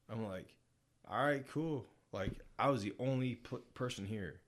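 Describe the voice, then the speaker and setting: A man from upstate New York, USA, a Navy chief appearing as a podcast guest, chats casually and tells profane, joking stories, acting out both sides of each anecdote. His voice sits in the mid-range, with a moderate pace and a fairly bright tone.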